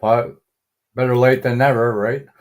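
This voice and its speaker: Middle-aged guy on a livestream, chatty, laughs a lot, says frickin a bunch, normal pitch. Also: steady tone, a little slow. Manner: chuckling, greets viewers by name, mild swearing. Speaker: livestream host. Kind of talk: casual live chat.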